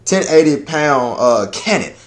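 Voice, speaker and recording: A man giving a casual chapter review, talking in a loud, profane, rambling way that is full of laughter. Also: fairly high pitch, lively intonation, unhurried. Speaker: anime and manga reviewer.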